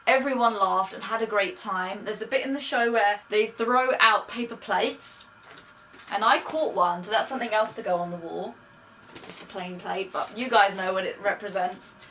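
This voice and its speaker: A young woman of medium pitch and slightly bright tone tells a story at normal speed, gushing and chatty, quoting people in her own voice. Her casual vlog is recorded from a distant mic, with faint noise in the background.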